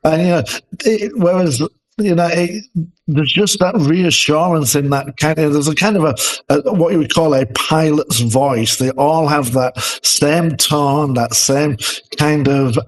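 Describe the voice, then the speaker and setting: A man's voice: on the high side, measured pace, rough recording. A man co-hosting a podcast as a leadership expert, talking casually with fillers and restarts. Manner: conversational, many fillers and restarts.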